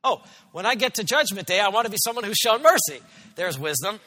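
A man's voice: sits high, expressive, fairly quick, sharp tone, in a large hall. A man preaching a sermon as pastor, earnest and emphatic, often asking his listeners questions.

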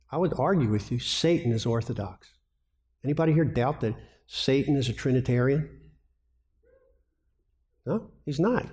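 A man's voice: medium pitch, warm tone. A man giving a sermon-style teaching talk, asking the audience questions and answering them himself. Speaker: speaker on biblical counseling.

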